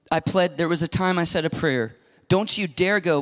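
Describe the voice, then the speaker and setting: A middle-aged man preaching a sermon as pastor, emphatic and animated, acting out quoted voices and dropping at times to a whisper. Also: fairly high pitch, moderate pace.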